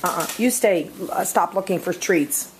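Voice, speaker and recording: A woman's voice: fairly low pitch, lively intonation, normal speed, slight background noise. Woman cooing to her monkeys. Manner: cooing, doting talk to her pets. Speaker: monkey owner. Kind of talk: casual home video chat. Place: living room at home.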